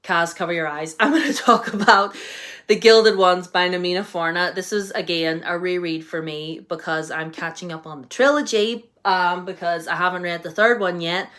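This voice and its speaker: A young British book vlogger chats at a moderate pace about her monthly reading, rambling and restarting with frequent "um"s and "like"s. Her voice is a bit low for a woman, and she's clearly enthusiastic about the ones she loved.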